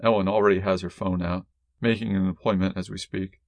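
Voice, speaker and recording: A man reads a first-person story aloud in a measured, wry, deadpan manner. His voice sits on the low side. The recording is dry and close, with no room sound. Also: vocal fry, no echo. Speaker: audiobook narrator. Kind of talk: first-person fiction narration.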